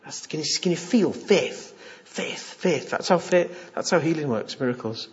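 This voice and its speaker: A middle-aged man preaching in a lively, jokey way, slipping into the voices of the people he quotes. His voice sits a little high. The recording is dull and lo-fi. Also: normal speed. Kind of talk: informal sermon. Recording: dull lo-fi sound.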